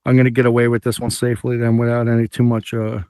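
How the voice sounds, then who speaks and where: A man's voice: medium pitch, fast talker, clean tone, no echo, studio quality. A man hosting a live comedy talk show, telling a story casually and acting out the sounds a band makes. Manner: animated, imitates band sounds and acts out quotes. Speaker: show host.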